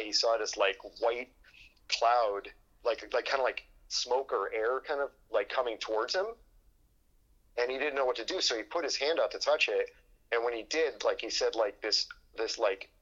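Over dull audio, a man of medium pitch and a slightly bright tone tells a long, rambling story in casual conversation. He uses plenty of fillers and restarts and acts out what others said.

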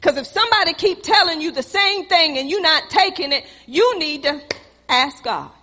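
Woman, sermon, bright tense voice, long hall reverb, storytelling preaching with loud-soft swings. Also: very high-pitched, animated, normal speed.

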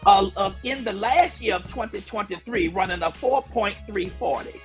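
A man's voice: high-pitched, close to an everyday voice. Guy doing a grandiose rambling comedian bit, sing-songy, music faint behind. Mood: mock-pompous. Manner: grandiose, drawn-out, sing-song delivery. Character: impression of a famous male comedian, boastful rambling.

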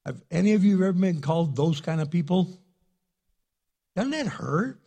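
Husky-voiced man preaching in a hall. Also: high-pitched, animated, moderate pace, long pauses, warm tone. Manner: conversational, earnest, acts out prayers. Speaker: pastor. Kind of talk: sermon. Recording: long hall reverb.

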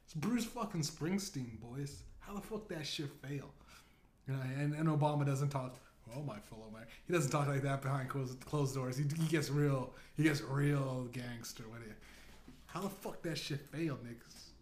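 A man's voice: mid-range voice, normal speed, darkish tone. A man hosting a comedy podcast, rambling through a profane, meandering monologue and laughing at his own jokes. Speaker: podcast host. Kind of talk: stand-up style comedy monologue. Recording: echoey room, faint noise.

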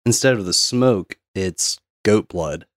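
A man co-hosting a podcast in relaxed, casual chat, laughing easily. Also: fairly low pitch, slow, no room sound, clean studio sound. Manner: laid-back, laughs often. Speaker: podcast co-host.

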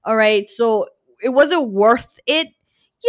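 A woman's voice: a little high, animated, takes it slowly. A young woman co-hosting a casual podcast, talking about a movie emphatically, repeating herself and asking herself rhetorical questions. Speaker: podcast co-host. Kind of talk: casual movie-review chat.

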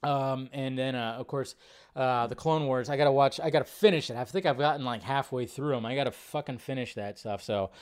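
A man hosting a film podcast in casual live-stream chat, excitable and profane, full of fillers and restarts. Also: medium pitch, fairly quick, clear, resonant tone.

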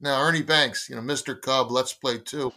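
A man's voice: medium pitch, normal speed. A man in his sixties, a guest on a talk show, telling a long anecdote and acting out the dialogue of the people in it. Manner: lively storyteller acting out dialogue. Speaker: guest, baseball magazine editor. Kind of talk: storytelling anecdote in conversation.

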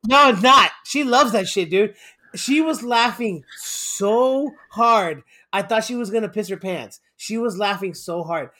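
High-voiced man telling stories animatedly. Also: unhurried. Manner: animated storyteller, laughs often, swears casually. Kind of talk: casual chat.

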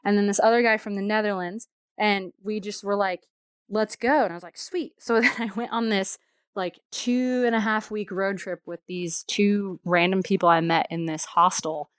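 A woman's voice: medium pitch, fairly even intonation, moderate pace, no room sound. Woman, casual storytelling, chatty and filler-heavy, laughs often, dry close sound.

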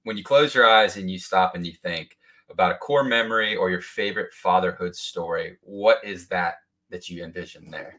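Deep-voiced male podcast host. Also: normal speed, bright, forceful tone. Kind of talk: interview question.

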